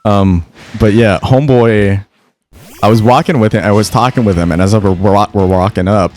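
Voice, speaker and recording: A man's voice: fairly low pitch, steady tone, normal speed, a little mellow, soft background music. A young man telling a story casually on a gaming podcast, swearing freely and often restarting and stammering. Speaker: podcast co-host.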